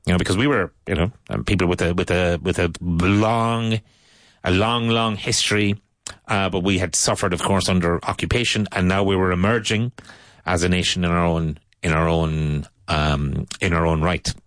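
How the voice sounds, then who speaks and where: A man with an Irish accent explaining patiently in casual talk, pausing to search for words, as a teacher. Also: low-pitched, steady tone, a bit bright, dry recording.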